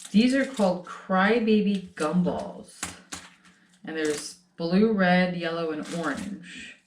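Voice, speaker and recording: A woman's voice: lowish voice, takes it slowly. Woman chatting animatedly on a vlog, echoey room, kinda far off. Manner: animated storytelling. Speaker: host. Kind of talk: casual chat. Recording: roomy, a bit far from the mic, faint noise.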